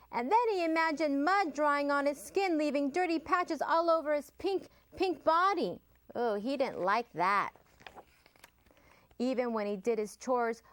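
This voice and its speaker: Slow, sing-song storytelling woman. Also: high voice. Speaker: children's librarian. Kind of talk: picture-book read-aloud for children.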